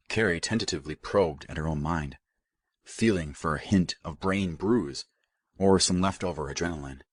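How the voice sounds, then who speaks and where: Deep husky guy reading an audiobook, dry close sound, steady. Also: dry recording. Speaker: audiobook narrator. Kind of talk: scripted narration.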